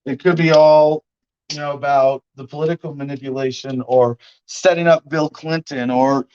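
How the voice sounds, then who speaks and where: This livestream host has a medium-pitched, smooth voice that stays steady and a touch mellow, at an ordinary speed. He chats casually, drifting from point to point and qualifying what he says, over muffled lo-fi audio.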